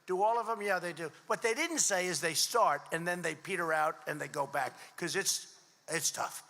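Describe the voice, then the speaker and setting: A man's voice: fairly high pitch, moderate pace, creaky, bright, forceful tone. A man in his seventies giving a rambling, repetitive rally speech, telling stories in a conversational way. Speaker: political speaker at a rally. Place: large hall. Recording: long hall reverb.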